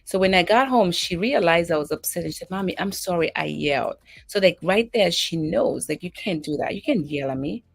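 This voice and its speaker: A woman co-host and mother, telling everyday stories in casual chat with lively acted-out exchanges. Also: on the low side, brisk, vocal fry, hardly any pauses. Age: adult mother. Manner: animated storytelling, voices her daughter and herself.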